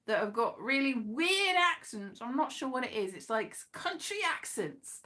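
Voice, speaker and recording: A woman's voice: on the high side, very animated, normal speed, bright, forceful tone. A British woman, a comedian, chatting casually to her live-stream viewers, rambling and self-mocking, now and then breaking into sung phrases. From Britain.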